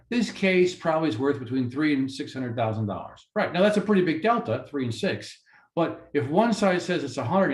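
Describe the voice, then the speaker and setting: A man who works as a mediator gives a lecture-style talk for course credit, animated and ranting, with many rhetorical questions. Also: a little high. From Florida. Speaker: mediator and lawyer. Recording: roomy echo.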